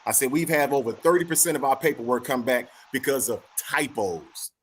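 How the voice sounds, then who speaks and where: In casual chat, a brisk man with a mid-range voice tells animated stories, acting out every character and both sides of each dialogue. Faint noise sits behind him.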